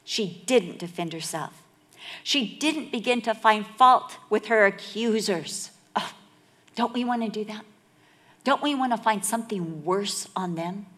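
A middle-aged woman delivers a sermon at an unhurried pace. She is dramatic, acting out the voices in her stories and sinking to a hushed whisper to drive a point home. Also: medium pitch, expressive. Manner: dramatic, acts out quotes, drops to a whisper for emphasis. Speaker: preacher.

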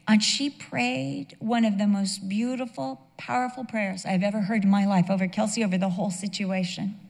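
A woman's voice: medium pitch, steady tone, normal speed, vocal fry, few pauses, a little mellow. A woman in her fifties giving an emotional sermon-style testimony, telling the story with acted dialogue. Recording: long reverb of a large hall.

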